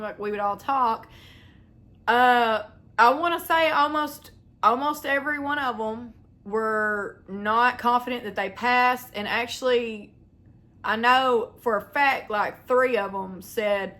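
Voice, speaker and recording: A woman's voice: on the high side, slow, sharp tone. A young woman, telling a long story to her viewers in a chatty, rambling way and acting out the voices of the people in it. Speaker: vlogger. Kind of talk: casual storytelling to camera.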